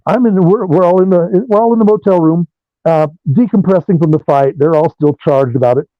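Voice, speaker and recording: A man, a rock guitarist being interviewed over a remote call, telling animated stories and swearing freely. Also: high-pitched, fairly quick, no room sound. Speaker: guitarist guest. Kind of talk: profane storytelling interview. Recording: dull lo-fi dry sound.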